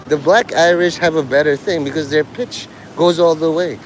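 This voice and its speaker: A man talking casually on a livestream while walking outdoors, rambling and joking and mimicking others in quick quoted voices. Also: on the high side, fairly even intonation, slight background noise.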